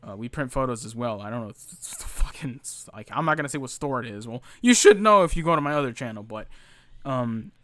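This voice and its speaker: Here a fast-talking young man with an animated, medium-pitched, somewhat bright voice rants about his old retail work. His storytelling is casual and profane, packed with fillers and restarts. The recording is dry.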